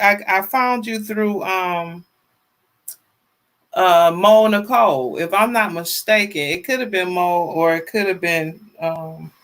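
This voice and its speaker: A woman in her fifties hosting a casual livestream, chatty and lively, greeting viewers by name and often repeating herself in colloquial phrasing. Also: on the low side. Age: 50s. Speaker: livestream talk show host. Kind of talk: casual livestream chat, reading viewer comments.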